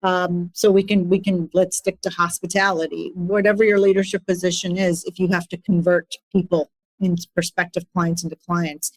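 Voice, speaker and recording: Woman, 40s, podcast guest coach; earnest, grows animated in anecdotes; lowish voice, dry mic. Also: dry recording. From immigrant to the United States. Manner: earnest, animated when retelling stories. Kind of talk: podcast interview, storytelling.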